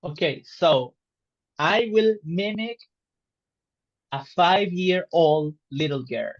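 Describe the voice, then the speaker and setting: A man teaching an online English lesson, explaining slowly and patiently and checking understanding with questions. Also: a little high, no echo, highs cut off. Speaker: English tutor.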